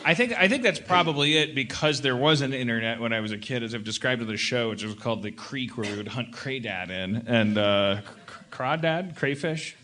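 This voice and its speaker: A man's voice: mid-range voice, expressive, brisk, sharp tone. A man in his forties hosting a live comedy podcast on stage, rambling and self-deprecating. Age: 40s. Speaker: host. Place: live stage before an audience.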